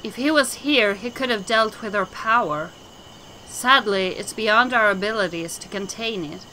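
A woman's voice: medium pitch, normal speed, sharp tone, a little hiss or hum, close to an everyday voice, poor audio. A woman voicing a grave elder shaman who speaks in formal, solemn sentences. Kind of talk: game dialogue voicing.

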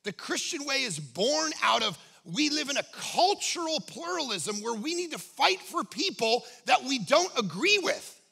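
A male pastor telling a story-driven, jokey sermon with a very high, gravelly voice. His pitch leaps around with lively swings, and his bright, husky tone cuts through as he acts out the voices he quotes. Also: normal speed, few pauses.

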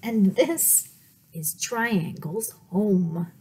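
A woman reading a picture book aloud at storytime, slow and playful, often dropping to dramatic whispers. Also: mid-range voice, animated, noisy background. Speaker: children's librarian reading aloud.

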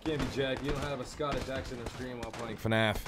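A man's voice: medium pitch, steady tone, fast talker, background noise. A young man doing casual gameplay commentary, joking around and laughing. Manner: joking, laughing, trying silly accents. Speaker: gaming YouTuber.

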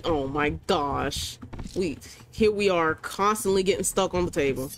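A woman gamer doing let's-play commentary at a desk mic, excitable, yelling commands at the game and bantering in casual slang. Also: on the low side, a little slow, a little hiss or hum.

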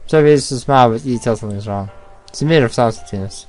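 A man's voice: medium pitch, fast, a little mellow, faint music behind. A man playing a visual novel on video, reading its narration and dialogue aloud and breaking off to react and joke. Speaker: let's play gamer.

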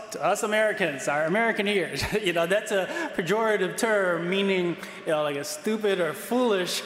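Chatty priest in an echoey church. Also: male voice, fairly high pitch, fairly bright tone. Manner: chatty, with fillers and laughs. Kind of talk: conversational sermon. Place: large church.

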